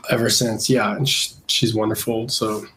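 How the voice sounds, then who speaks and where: A middle-aged man from Canada, an illustrator with a cold, talking casually in an interview, relaxed and hesitant with many fillers. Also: on the low side, normal speed, noisy background. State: congested from a cold. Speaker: illustrator guest.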